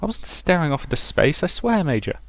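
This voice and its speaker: A man's voice: a little high, very animated, a little fast, no echo, voice pushed up. A man voicing an earnest, defensive young woman lieutenant with wings who insists she can be trusted.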